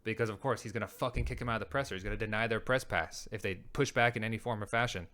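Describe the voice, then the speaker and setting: Fairly low in pitch but bright and forceful, this man's voice drives a heated, rapid rant as he hosts a show and reacts to clips. He swears heavily, keeping the commentary casual.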